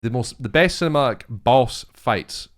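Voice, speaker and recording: A young man co-hosting a casual chat, excitable and rambling, swearing freely. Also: mid-range voice, moderate pace. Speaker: co-host.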